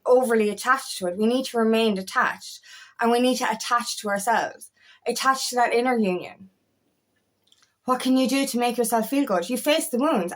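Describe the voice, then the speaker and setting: Woman in her thirties, life coach, casual monologue, blunt and sweary, fairly high voice. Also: a bit bright. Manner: frank, swears freely, repeats herself. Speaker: feminine empowerment coach.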